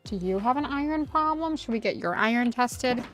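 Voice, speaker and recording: A woman's voice: a little high, lively intonation, moderate pace, over music. A woman game streamer chatting casually and self-mockingly while playing, talking to the characters on screen. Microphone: desk USB microphone.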